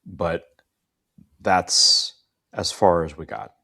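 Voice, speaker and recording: A middle-aged man co-hosting a podcast, a first responder explaining his heart attack in a measured, clinical way. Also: low-pitched, steady tone, husky. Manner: measured, clinical, trails off softly. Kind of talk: conversational storytelling.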